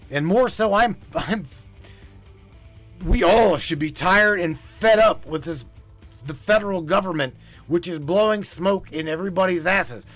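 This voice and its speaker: A man's voice: high-pitched, lively intonation, normal speed, faint music behind. A male podcast host ranting with urgency, pleading and swearing, repeating himself as he goes. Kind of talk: impassioned livestream rant.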